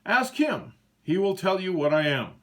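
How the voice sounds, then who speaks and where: A man voices an indignant storybook cow in a sing-song, somewhat bright tone, pitched high and above his own natural voice, at a moderate pace.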